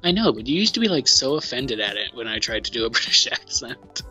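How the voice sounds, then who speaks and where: Chatty man streaming, lively and bright. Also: mid-range voice, fairly quick, soft background music. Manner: chatty, swears, laughs, talks to a co-host off mic. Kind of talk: casual live-stream chat.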